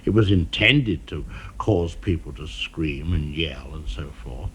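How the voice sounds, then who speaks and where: A man being interviewed in an archival television conversation, speaking in a measured, dryly witty way, pausing often with "uh". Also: extremely low pitch, expressive, a bit bright, slight background noise. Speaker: film director being interviewed.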